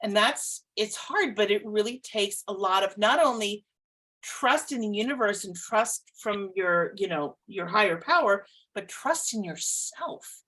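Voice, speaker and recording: A woman psychic co-hosting a podcast in casual chat, expressive, laughing often and swearing lightly. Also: medium pitch, measured pace, rough recording.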